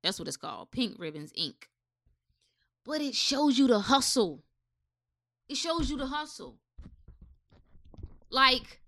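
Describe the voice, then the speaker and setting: A woman's voice: high-pitched, sharp tone. A woman giving a blunt, impassioned, unscripted rant with swearing, speaking straight to her listeners.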